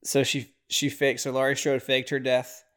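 A man's voice: mid-range voice, monotone, moderate pace, fairly bright tone. A man hosting a podcast, giving casual watch-along commentary on a movie in a rambling, reactive way with sudden exasperated outbursts. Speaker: podcast host.

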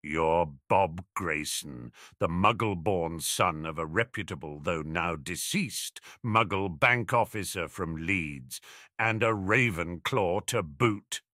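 A man's voice: low-pitched, slow pace, sharp tone, no room sound, clean studio sound, voice pushed down, heavily acted. A man voicing an irritable, sarcastic male wizard schemer in a storybook reading. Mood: scheming. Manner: sarcastic, disdainful.

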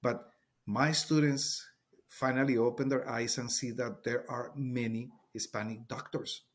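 A middle-aged Colombian man, a Spanish speaker with a Colombian accent, talks earnestly as a teacher in an interview. His mid-range voice keeps fairly even intonation at a measured pace, and he often repeats words while searching for them.

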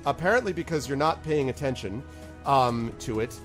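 A man's voice: mid-range voice, animated, moderate pace, music in the background. A man narrating as game master, loose and chatty with many ums. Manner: loose, filler-heavy narration with frequent laughs.

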